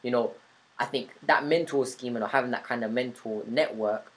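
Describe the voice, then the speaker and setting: A man's voice: mid-range voice, normal speed, fairly bright tone, poor audio. Earnest young man hosting. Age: 20s. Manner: reflective, earnest, long flowing points. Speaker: podcast host. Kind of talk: casual interview chat.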